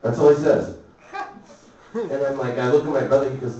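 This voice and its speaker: A man doing stand-up comedy, telling a rambling, profane story and tossing quick asides to the crowd. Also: medium pitch, mellow, recorded from a distance, dull audio. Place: comedy club. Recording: echoey club recorded from afar.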